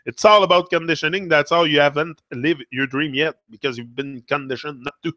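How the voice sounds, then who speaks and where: French-accented man, bright and dry, rambling earnest motivational vlog talk. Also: a little high, fairly even intonation, fairly quick, no room sound. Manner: rambling, self-correcting, earnest. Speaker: motivational vlogger. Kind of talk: casual live motivational talk.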